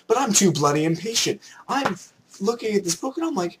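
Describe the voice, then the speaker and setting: A young man from Canada rants at a quick, excitable clip, his voice sitting a little high. He tosses in playful mock voices. A faint hiss runs under the recording. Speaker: vlogger. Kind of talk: ranting vlog.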